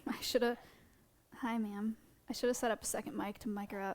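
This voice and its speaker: A woman's voice: medium pitch, fairly even intonation, fairly quick. A woman hosting a live stream, chatting casually and directly with her viewers while she works with an animal. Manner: chatty, addresses her chat directly, light laughs. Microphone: wearing headphones at a streaming setup.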